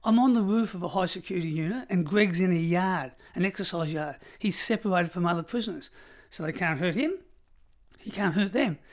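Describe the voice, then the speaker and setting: A middle-aged Australian man, a former prison officer, telling stories in an interview in an emphatic, measured way. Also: high voice. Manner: emphatic, measured storytelling, colloquial. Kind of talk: storytelling interview.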